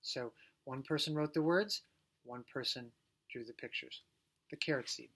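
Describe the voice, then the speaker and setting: A male preschool teacher talking gently and playfully to young children, singing a silly song and reading a picture book aloud. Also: medium pitch, slow, long pauses. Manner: gentle, playful, talks directly to young kids.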